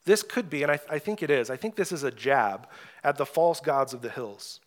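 A young adult man preaching an earnest sermon, rising loud when he reads scripture aloud. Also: mid-range voice, lively intonation, normal speed. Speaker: pastor.

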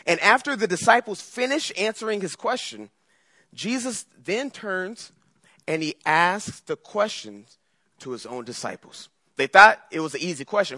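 A male preacher delivers a lively, conversational sermon with a pitch that rises and falls widely. His voice is bright and a little high. The recording is dry and close. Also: moderate pace, no echo. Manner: animated, conversational, acts out scripture voices.

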